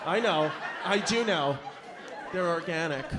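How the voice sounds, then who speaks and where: Performing a set before a live club crowd, this expressive Brooklyn comic in his thirties is loud-mouthed, foul-mouthed, and quick, trading barbs with the audience. His voice runs fairly high, and laughter from the room comes through clearly.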